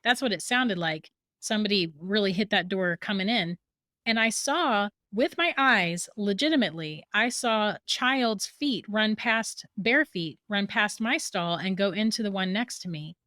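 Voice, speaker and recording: A woman's voice: medium pitch, unhurried, no echo, studio quality. Woman telling a story, laughing along. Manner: lively, laughs through her story. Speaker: guest. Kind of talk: storytelling in a podcast interview.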